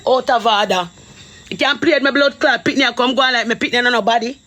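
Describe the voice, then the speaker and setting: Jamaican woman, high bright voice, furious cursing tirade in patois, live stream caller. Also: quick pace, no room sound. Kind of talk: heated live stream argument.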